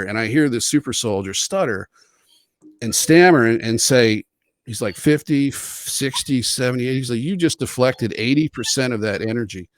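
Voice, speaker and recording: A man's voice: mid-range voice, dry recording. A man in his forties recounts his experiences as a podcast guest. His voice sits in the middle range and the recording is dry and close. He talks earnestly and rambles, restarting sentences and dropping in blunt swears. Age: 40s. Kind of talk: casual first-person storytelling.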